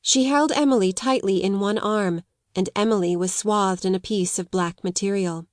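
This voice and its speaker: This audiobook narrator is a woman with a mid-range voice, reading a scripted text in a calm, even, measured way. The studio-quality recording carries no room sound at all.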